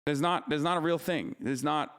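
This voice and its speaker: A man talks on a live stream in a fairly high voice. He rants with heat and swears often. He turns to answer his chat head-on. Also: fairly even intonation, normal speed, a bit bright. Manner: heated, profane, argumentative. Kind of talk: live-stream political rant. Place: streaming studio.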